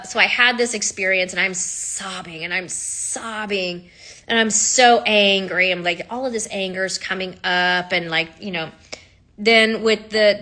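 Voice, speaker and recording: Woman sound healing teacher, bright clear voice, blunt chatty storytelling, laughs a lot. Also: on the low side. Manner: candid, animated, swears and laughs often. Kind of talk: casual storytelling monologue.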